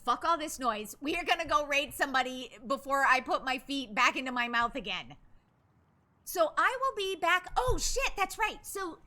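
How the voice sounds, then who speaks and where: A woman's voice: sits high, very animated, normal speed, sharp tone. A woman streamer chatting casually with her viewers while putting on a joke Irish accent, swearing often and laughing a lot. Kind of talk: casual live-stream chat. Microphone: desk microphone.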